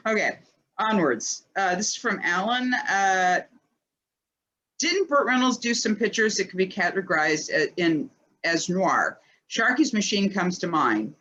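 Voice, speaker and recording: A woman's voice: mid-range voice, very animated, a little slow, a bit bright. A woman co-hosting a casual chat and reading listener questions, talking chattily with many "like" fillers.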